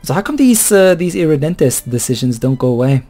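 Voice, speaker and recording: A man's voice: on the high side, big pitch swings, brisk, mellow, soft background music. A man giving casual, rambling commentary over a strategy game, chuckling and swearing offhandedly. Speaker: let's play host.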